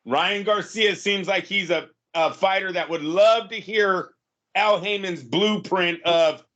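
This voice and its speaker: A man's voice: high voice, a little slow, fairly bright tone, lo-fi sound. A man co-hosting a boxing podcast, giving earnest opinions on fighters. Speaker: podcast co-host. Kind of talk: casual boxing talk.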